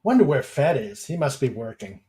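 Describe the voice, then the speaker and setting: A man's voice: medium pitch, big pitch swings, moderate pace, warm tone. A man hosting a casual podcast stream, chatting with guests and reading viewer comments aloud, with lots of fillers and chuckles. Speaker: podcast host.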